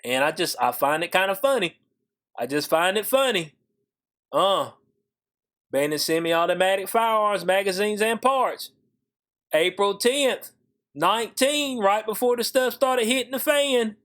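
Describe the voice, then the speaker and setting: A man giving casual vlog commentary, animated and slangy, swinging from high incredulous exclamations to low muttered asides. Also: unhurried. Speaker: YouTube commentator.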